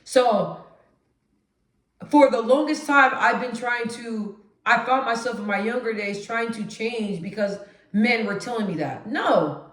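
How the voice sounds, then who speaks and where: A woman vlogging straight to camera, with a naturally deep voice she lifts a notch as she talks emphatically. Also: measured pace, echoey room. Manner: emphatic, animated, conversational. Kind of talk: direct-to-camera monologue.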